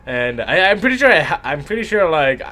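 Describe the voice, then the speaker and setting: A young man, an esports shoutcaster with a sore throat, telling a rambling, animated story between matches. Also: on the high side, fairly quick. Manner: animated, rambling anecdote with lively voiced asides.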